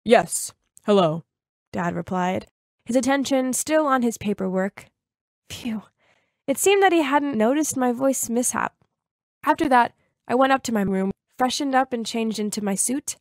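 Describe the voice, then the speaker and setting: A woman in her twenties narrating a first-person story in a lively, confiding way. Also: on the high side, normal speed, dry recording, clean studio sound.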